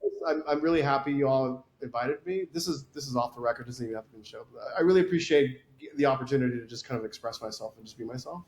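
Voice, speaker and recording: A man's voice: medium pitch, very fast, hardly any pauses. A man appearing as a podcast guest, chatting casually and thanking the hosts with gratitude. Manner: grateful, warm-spoken, plugs his project. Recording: echoey room.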